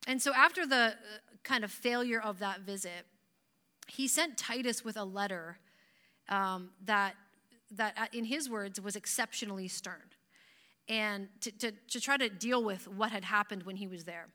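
A Canadian woman preaching a sermon to her church, chatty and animated and often laughing. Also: medium pitch, moderate pace. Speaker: pastor.

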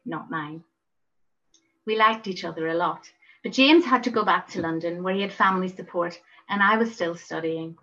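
A woman telling a personal memoir, reflective and often dropping softer on asides. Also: lowish voice, dull audio. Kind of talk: memoir storytelling.

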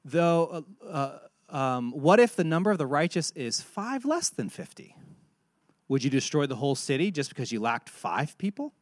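A man preaching a sermon, telling a Bible story and acting out its dialogue with animated delivery. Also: fairly high pitch, moderate pace, dry recording, clean studio sound. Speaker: pastor.

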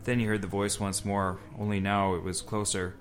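A man's voice: lowish voice, little pitch movement, normal speed, slight background noise. A man hosting a podcast, reading a spooky story aloud to friends, breaking in with casual asides. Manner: reads aloud with asides and laughs. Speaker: podcast host.

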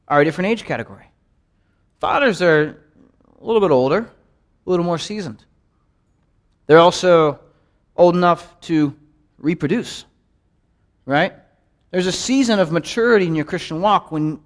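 A man teaching a Bible study in a casual, earnest way, often asking rhetorical questions. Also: high-pitched.

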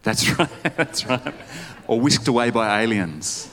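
A man's voice: mid-range voice, expressive, takes it slowly, a bit bright. A male pastor preaching a conversational sermon, putting questions to the congregation. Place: church service.

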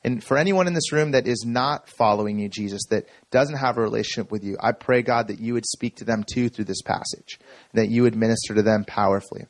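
A man in his thirties giving an energetic, story-driven sermon talk to a room full of people. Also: fairly low pitch, fast talker, no echo. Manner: energetic storytelling, self-described talker. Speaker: speaker. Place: room with audience.

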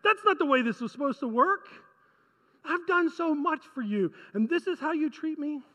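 A man's voice: very high-pitched, expressive, moderate pace, pushed and bright, in a large hall, heavily acted. A preacher voicing an irritated God who scolds his people with pleading questions. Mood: exasperated.

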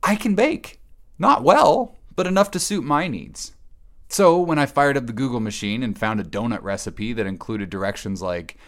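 A man giving a rambling comic monologue, wry and self-mocking, alone in an empty cabin and sometimes breaking into excited yelling. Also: fairly low pitch, normal speed.

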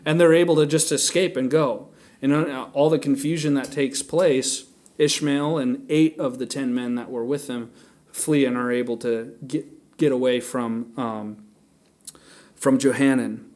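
A man's voice: medium pitch, fairly even intonation, darkish tone. Man teaching a casual Bible lesson. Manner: conversational, thinks aloud with fillers and restarts, reads scripture aloud slowly.

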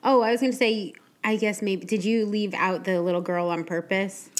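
A woman co-hosting a podcast, chatting casually with quick agreeing asides. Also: medium pitch, steady tone. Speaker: podcast co-host. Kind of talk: casual chat.

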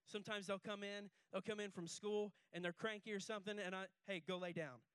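A man's voice: high voice, level tone, fairly quick, a bit bright, smooth, no room sound. A man preaching a passionate sermon as pastor, building long repeated refrains and leading the congregation in call-and-response. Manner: impassioned, building repetitive refrains. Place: church service. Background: faint guitar music.

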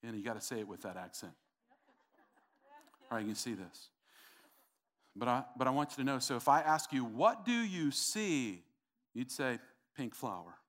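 A man's voice: medium pitch, fairly quick, pauses often, fairly bright tone. A middle-aged man preaching a sermon, emphatic and repetitive, calling out to the congregation. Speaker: pastor.

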